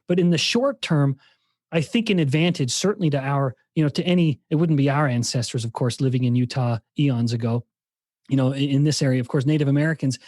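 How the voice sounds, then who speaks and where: Thinking out loud as a podcast interview guest, a scientist works through ideas and keeps restarting sentences mid-thought in an explanatory way. He has a slightly high, slightly mellow voice, captured as clean studio sound with no echo.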